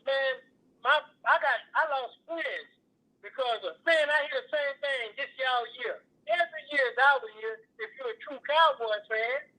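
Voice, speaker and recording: A man's voice: extremely high pitch, sharp tone. A man calling in to a radio show, speaking with passion about his team and sounding choked up. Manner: passionate, choked-up fan talk. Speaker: caller. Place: Houston. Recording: telephone line.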